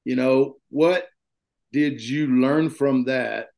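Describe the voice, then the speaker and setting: A man's voice: mid-range voice, slow pace, vocal fry, a little mellow. A man hosting a podcast, asking questions in a casual, rambling way. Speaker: podcast host. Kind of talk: interview questions.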